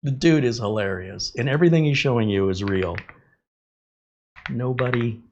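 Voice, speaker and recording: A man's voice: medium pitch, normal speed, gravelly, lo-fi sound, a little hiss or hum. Chatty middle-aged male live-stream host. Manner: animated storytelling, frequent laughter. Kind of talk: casual live-stream chat.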